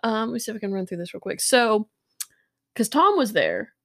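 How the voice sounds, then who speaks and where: Emphatic young woman co-host, slightly high. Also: sing-song, fairly quick, a bit bright. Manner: supportive, emphatic, frequent affirmations. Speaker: podcast co-host. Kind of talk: casual chat.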